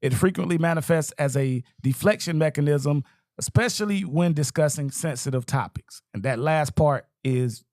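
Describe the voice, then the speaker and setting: A man's voice: on the high side, normal speed, darkish tone, dry recording, clean studio sound. A man hosting a casual talk show, reading out a definition and then prompting his guests. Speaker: host. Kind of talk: casual chat.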